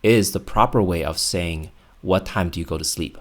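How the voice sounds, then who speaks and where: Male teacher, lowish voice, clear patient delivery for a language lesson video. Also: normal speed, hardly any pauses. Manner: clear, patient explaining with spoken example phrases.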